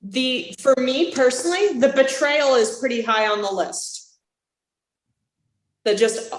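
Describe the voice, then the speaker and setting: A woman instructor giving a casual classroom lecture, lively and chatty, acting out reactions with gasps and little voices. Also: sits high, unhurried. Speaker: child development instructor. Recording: roomy classroom echo.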